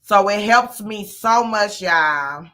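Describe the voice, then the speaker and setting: A woman hosting a casual live chat from home, talking easily with frequent ums and pauses. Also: medium pitch, expressive, sharp tone.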